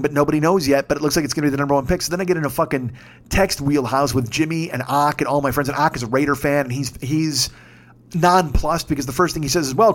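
A man in his fifties telling a story in a casual podcast monologue, swearing freely and shouting when he gets worked up. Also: on the high side. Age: 50s. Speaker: podcast host.

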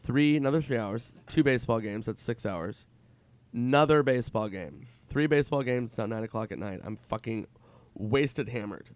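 Male guest comic, mid voice, casual and animated storytelling, lots of swearing. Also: mid-range voice, moderate pace. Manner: profane, animated anecdote telling. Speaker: guest comedian.

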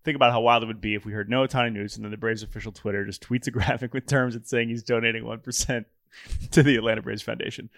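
A man's voice: mid-range voice, fairly even intonation, fast talker, vocal fry, a bit bright, no echo, studio quality. A man co-hosting a baseball podcast in casual chat, joking, reading listener emails, often restarting sentences. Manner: chatty, jokey, many restarts. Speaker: podcast co-host.

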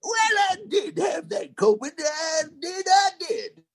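A man voicing a drawling old man complaining about having had covid, in a high, strained, comic voice. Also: very animated, slow, gravelly, shouting, heavily acted. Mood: whiny boasting.

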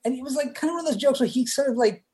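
Animated man telling a story. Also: extremely high pitch, racing, a crowd in the background. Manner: animated, acts out quoted voices. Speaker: podcast guest. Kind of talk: casual storytelling.

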